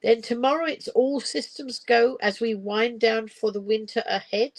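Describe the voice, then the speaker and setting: A woman's voice: a little high, fairly even intonation, moderate pace, voice pushed up, poor audio. A wise old owl who grumbles and lectures, talking down to a young snail, as a woman reads his lines from a storybook. The voice stays close to her own, only a little raised. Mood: brisk. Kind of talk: reading a picture book aloud.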